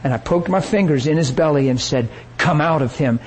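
A man preaching a sermon, telling a story with lively energy and acting out the people he quotes. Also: fairly high pitch, fairly quick, slight background noise, low-quality recording.

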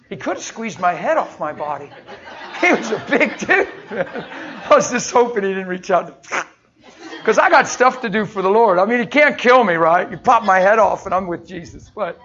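A man's voice: high voice, fairly bright tone. A man preaching a sermon in an earnest, folksy, conversational storytelling way. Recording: dull, muffled sound with faint noise.

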